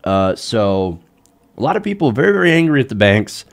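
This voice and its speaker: A man's voice: medium pitch, very animated, brisk, creaky. A young man giving heated, sarcastic political commentary as host of his own show. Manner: heated, sarcastic, mocks politicians in put-on voices.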